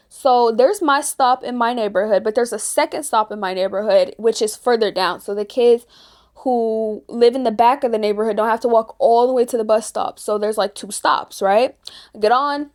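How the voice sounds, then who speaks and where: Teen girl, 16, casual vlog chat, rambling rant, fillers, somewhat high voice. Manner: chatty, ranting, lots of "like". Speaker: vlogger.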